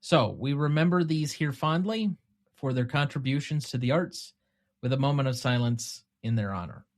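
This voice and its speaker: A man's voice: mid-range voice, moderate pace. A man hosting a podcast in casual chat, steering the talk from one segment to the next. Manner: steers the show between segments. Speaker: podcast host.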